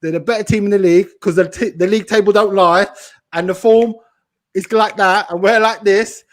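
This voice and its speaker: Brief: high-pitched man, slangy, animated fan panelist. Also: fairly quick. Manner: slangy, animated, talks over others. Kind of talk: heated football fan chat.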